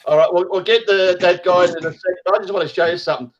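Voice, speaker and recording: A man's voice: sits high, steady tone, very fast, lo-fi sound, a little hiss or hum. A man hosting a casual online group chat, ranting heatedly and swearing often. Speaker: host.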